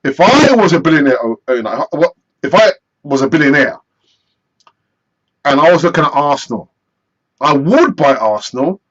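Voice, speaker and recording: A man hosting a live football fan stream, chatty and animated as he answers viewer messages. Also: a little high, normal speed, long pauses, slightly rough, dull audio. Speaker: football fan channel host.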